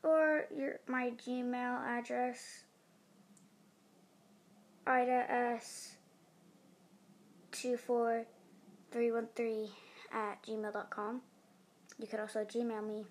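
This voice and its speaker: A woman's voice: a little high, little pitch movement, drawn-out words, pauses often. A teenage girl hosting her own podcast, rambling and giggly with lots of fillers. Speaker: podcast host. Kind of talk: casual chat.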